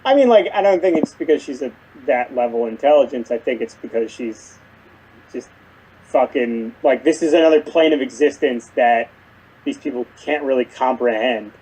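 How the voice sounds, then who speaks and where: A podcast co-host in casual chat about a cartoon episode, jokey and excitable, swearing casually. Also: mid-range voice, normal speed, husky.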